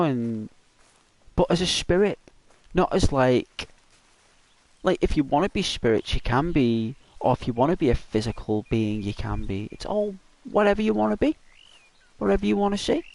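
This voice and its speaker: Gentle rambling man. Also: fairly high pitch, no echo. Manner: gentle, rambling, halting with many fillers. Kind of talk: consoling casual chat.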